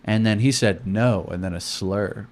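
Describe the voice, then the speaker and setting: Young male comic host, low voice, profane and animated storyteller. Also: a little slow. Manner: profane, animated, acts out quotes loudly. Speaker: comedian podcast host. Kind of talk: casual storytelling chat.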